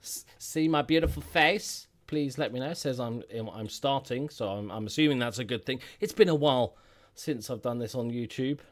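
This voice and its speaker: A man's voice: mid-range voice, normal speed. Guy chatting on a home live stream, jokey, rambly, hums filler noises. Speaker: YouTuber hosting a live stream. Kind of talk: casual live-stream chat.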